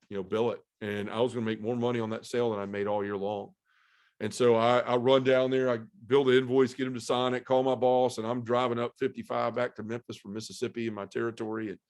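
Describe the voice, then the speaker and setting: A middle-aged man, a podcast guest, telling his personal testimony in a candid, earnest way and acting out his own thoughts. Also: medium pitch.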